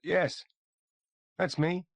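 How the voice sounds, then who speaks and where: A man's voice: mid-range voice, big pitch swings, fast, dry recording, voice pushed up. A man voicing a frightened and indignant male author who sputters and swears when cornered. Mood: frightened indignation.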